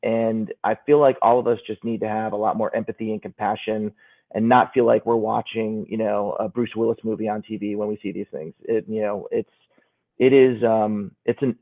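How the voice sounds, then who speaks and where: A man's voice: on the low side, little pitch movement, normal speed. Man, middle-aged, guest, earnest, reflective, thin phone-like audio. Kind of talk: casual chat. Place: hotel room. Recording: tinny phone-like call audio.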